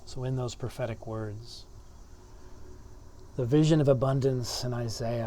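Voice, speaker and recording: A man's voice: mid-range voice, steady tone, a little slow, long pauses, dark tone, slight background noise. A man, a pastor, giving a sermon in an earnest way, often repeating words as he builds his points. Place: church.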